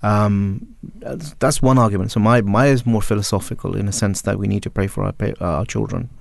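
A man on a panel speaks in a measured, philosophical way. His voice is low with a gravelly edge. The recording is dry and close. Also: fairly even intonation, a little mellow, dry recording. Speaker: panel guest. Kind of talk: panel discussion.

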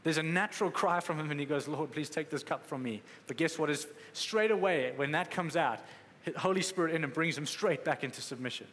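A man's voice: fairly high pitch, fairly quick, few pauses, a bit bright, a little hiss or hum. A man preaching a sermon in a conversational, emphatic way, acting out quotes as he goes. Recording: echoey hall with faint ambience.

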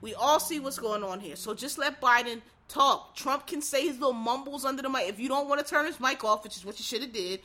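A woman giving casual solo commentary, ranting in an animated, rambling way and swearing freely. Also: sits high, fairly quick, hardly any pauses. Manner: animated, profane, rambling rant. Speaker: political commentator.

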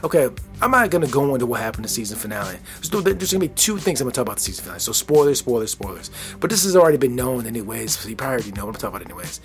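A man in his forties hosting a solo podcast late at night, tired and relaxed, talking earnestly and repeating his words often as he rambles. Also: mid-range voice, racing, hardly any pauses, faint music behind. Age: 40s. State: tired, bedtime voice. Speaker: podcast host. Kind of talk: casual solo podcast talk. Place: at home, relaxed. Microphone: podcast microphone.

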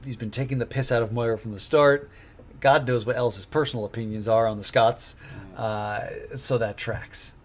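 A man's voice: mid-range voice, steady tone, moderate pace, a little hiss or hum. A man co-hosting a podcast in casual chat, rambling with wry asides and frequent restarts. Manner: rambling, wry, self-interrupting. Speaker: podcast co-host.

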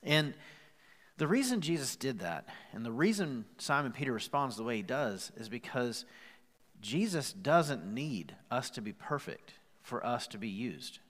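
A male pastor preaching a sermon with growing passion, rising louder and higher as he drives his points home. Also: big pitch swings, a little slow. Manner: impassioned, rising in pitch and volume as he presses his point. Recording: long hall reverb.

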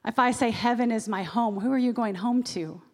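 A woman's voice: a little high, moderate pace, darkish tone. A woman preacher giving a sermon in a conversational way, with personal asides. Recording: long reverb of a large hall.

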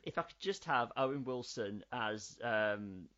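A man, chatting casually as a podcast co-host, animated and swearing freely. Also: medium pitch, measured pace. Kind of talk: casual chat. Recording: slightly dull lo-fi audio.

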